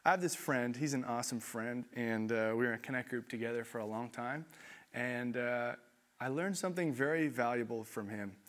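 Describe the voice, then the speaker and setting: A man preaching a sermon in a conversational, animated way, with self-deprecating asides. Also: medium pitch, a little fast. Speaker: pastor.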